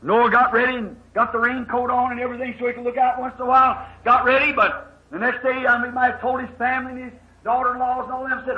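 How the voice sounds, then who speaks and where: A man preaching a sermon in a folksy storytelling manner, acting out the voices in his story with sudden shouted bursts, on a muffled old recording. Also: very high voice, little pitch movement, fast talker, hardly any pauses.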